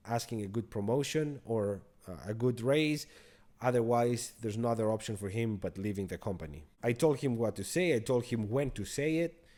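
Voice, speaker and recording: Man, middle-aged, mid pitch, casual vlog storytelling, animated, exasperated. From abroad. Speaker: credit card channel host.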